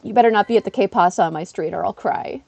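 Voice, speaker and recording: A young woman streamer chatting casually to her live-stream viewers, acting out quoted people in an animated way and laughing often. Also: quick pace, gravelly, dry recording, highs cut off. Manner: animated, acts out quotes with big pitch jumps. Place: living in Japan.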